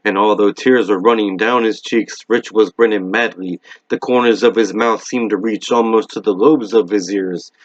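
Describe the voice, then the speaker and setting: Low-voiced man reading a novel aloud. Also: steady tone, normal speed, hardly any pauses, dry recording. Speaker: reader. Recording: dull lo-fi recording.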